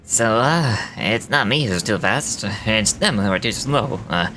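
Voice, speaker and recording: A woman voicing a pompous, fast-talking businessman from a game who lectures everyone about hustle and suffering. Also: rumbling low, lively intonation, a bit bright, slight background noise, voice pushed down, exaggerated voice. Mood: smug lecturing. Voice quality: smug, lecturing.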